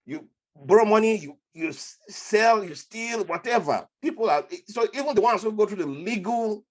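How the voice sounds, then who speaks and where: Man, podcast guest, storytelling, lively swooping pitch, slightly high voice, acts out quoted voices. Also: moderate pace. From Nigeria. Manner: animated, acts out other people's voices in his stories. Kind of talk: conversational storytelling.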